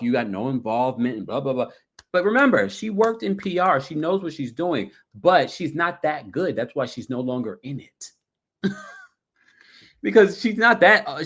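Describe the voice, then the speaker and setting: A man hosting a casual livestream recap, gossiping and reading viewer comments, often mimicking people in high voices. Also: a bit bright. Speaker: recap show host.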